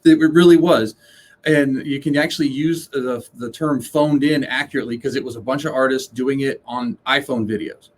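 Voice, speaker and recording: Guy on a podcast, middle pitch voice, blunt, rambles and swears a bit. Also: normal speed. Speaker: guest, live sound engineer. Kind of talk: casual interview chat.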